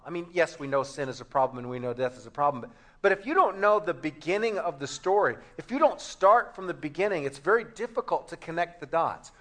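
A man's voice: a little high, expressive, a little fast, a bit bright. A man, a pastor, preaching a sermon to a congregation in a conversational, joking way with frequent restarts. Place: church before a congregation.

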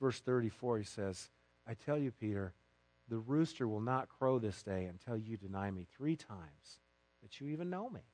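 A male pastor preaching a sermon in church, acting out the voices of the story with dramatic swings from loud to hushed. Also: on the low side, animated, normal speed. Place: church sanctuary.

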